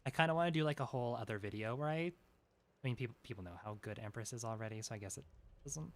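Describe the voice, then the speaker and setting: A woman's voice: very deep voice, quick pace. A woman streaming a game, chatting casually with many restarts and frequent giggles. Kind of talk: casual gameplay commentary.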